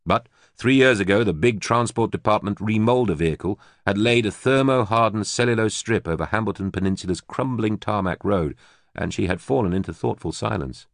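A man reading an audiobook in a measured, even storytelling manner. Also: fairly low pitch, gravelly, no room sound, clean studio sound. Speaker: audiobook narrator. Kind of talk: scripted narration.

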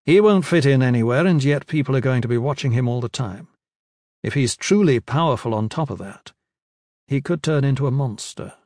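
A man's voice: medium pitch, expressive, brisk, darkish tone, no echo, studio quality, natural voice. A man voicing a powerful male lord who speaks earnestly and gives firm orders. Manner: earnest, commanding.

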